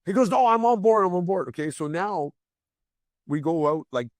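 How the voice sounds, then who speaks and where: A man in his forties, a former hockey player guesting on a podcast, telling rowdy stories in a casual, heavily profane way and loudly acting out the lines of other people. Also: high voice, moderate pace, dry recording, studio quality. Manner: profane, animated, acts out quoted lines loudly.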